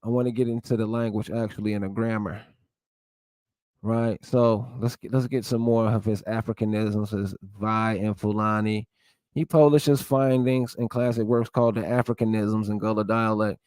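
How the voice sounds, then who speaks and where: A man's voice: on the low side, fairly even intonation, normal speed, darkish tone, no room sound. A man giving casual, blunt commentary while reading a text aloud, with an opinionated tone and the odd swear word. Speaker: vlogger.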